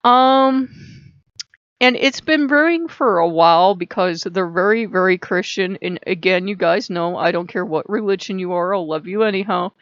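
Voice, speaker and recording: A woman's voice: lowish voice, dry recording. A woman vlogger telling a long story in a chatty, rambling way, full of "like". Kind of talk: casual storytelling to camera. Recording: dull lo-fi dry sound.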